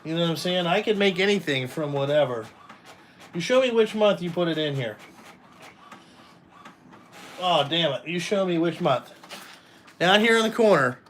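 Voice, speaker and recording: This trucking company owner and vlogger talks to his viewers in a casual live chat, blunt and profane as he rambles between topics. His voice is fairly high and bright, animated at normal speed with frequent pauses, and there's a little hiss or hum.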